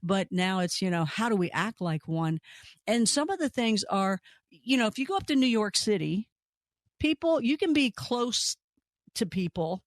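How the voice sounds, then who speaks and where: A woman hosts a radio talk show with an animated, storytelling delivery, her voice leaping upward whenever she stresses a point. Her voice sits at a middling pitch and sounds close and dry, with no room around it. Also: normal speed, no room sound. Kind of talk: conversational radio interview.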